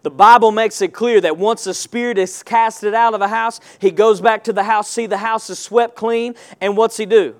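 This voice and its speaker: A man preaching a sermon, calling on the congregation to answer back and stressing points with slow, emphatic delivery. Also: high voice, fairly even intonation. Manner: call-and-response preaching, rising to emphatic shouts.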